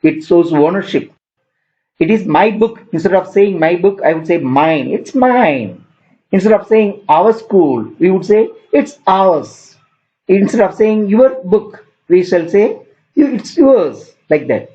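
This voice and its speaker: A man teaching an English grammar lesson, explaining slowly and repeating terms with examples. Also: high voice, animated, warm tone, lo-fi sound.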